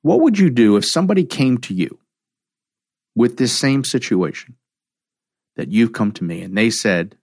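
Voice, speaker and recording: A man's voice: medium pitch, normal speed, pauses often, breathy edge, no echo, clean studio sound. A middle-aged man, a counselor, talking reflectively about emotional triggers and acting out quoted conversations. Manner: animated storyteller, acts out quoted dialogue.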